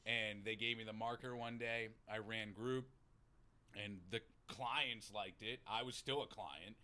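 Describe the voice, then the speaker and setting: A man's voice: fairly low pitch, unhurried. A man with a Boston accent telling recovery stories in casual chat, swearing freely and acting out what people said. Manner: animated, swearing, acts out quotes. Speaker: podcast guest in recovery.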